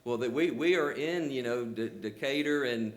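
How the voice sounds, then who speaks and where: With a mid-range voice at a normal pace, an older rural Southern man from Georgia presents for a telecom company at a public hearing. He fields questions in an earnest way, often saying "you know."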